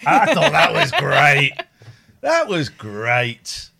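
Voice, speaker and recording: A man's voice: fairly high pitch, wildly swooping pitch, very slow, creaky, crowd noise. A man hosting a late-night radio show, joking and rambling in casual banter with his co-hosts. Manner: jokey, rambling, teasing.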